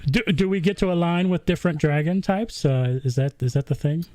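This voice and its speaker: A man's voice: a little high, brisk, a little mellow. A male host in a casual live-stream interview, chatting and reading viewer questions aloud. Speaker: podcast host.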